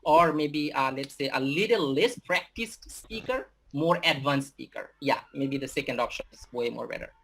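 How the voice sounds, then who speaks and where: A young man with a Bangladeshi accent, an English teacher giving a talk to students, halting with many fillers and restarts. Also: mid-range voice, vocal fry, fairly bright tone, husky.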